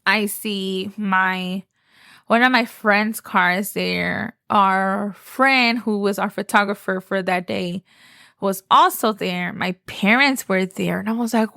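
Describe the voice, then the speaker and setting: A young woman from Texas tells a story on her podcast, gushing and full of "like". Her voice sits at a middle pitch. The close mic gives a dry sound no room in it. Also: a little slow, creaky, bright, forceful tone, no room sound. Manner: chatty, gushing, says "like" often. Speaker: podcast host. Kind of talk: casual storytelling.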